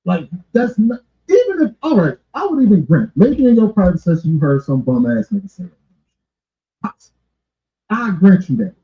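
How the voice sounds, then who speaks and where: A man's voice: high-pitched, big pitch swings, moderate pace. A man on a talk show panel, arguing bluntly and profanely about marriage. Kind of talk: heated panel debate. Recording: echoey, dull lo-fi clip.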